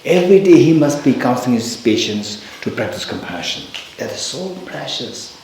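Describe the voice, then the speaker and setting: A man, a Buddhist teacher, giving a dharma talk in a large temple hall, telling a personal story with halting restarts and bursts of emphasis. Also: mid-range voice, sing-song, a little mellow, slight background noise. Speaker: Buddhist teacher leading a retreat. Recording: very echoey hall.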